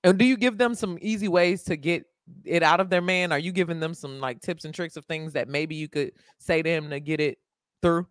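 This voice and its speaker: A man's voice: on the high side, brisk, a bit bright, smooth, dry recording, studio quality. A man hosting a podcast, chatting casually in a blunt, swearing way and laughing often. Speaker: podcast host. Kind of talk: casual conversation.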